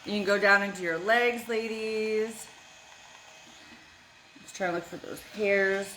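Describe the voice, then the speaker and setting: This young American vlogger chats casually with her live audience from home, swearing freely and replying bluntly to people by name. She speaks at a measured pace in a steady, mid-range, slightly bright voice, with a little hiss or hum in the recording.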